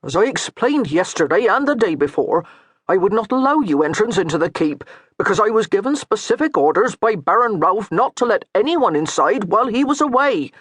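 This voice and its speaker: A woman's voice: medium pitch, husky, no echo, pitched above the performer's own voice. A woman narrator voicing a harried male steward who talks earnestly and holds his patience. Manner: earnest, restrained, pleading.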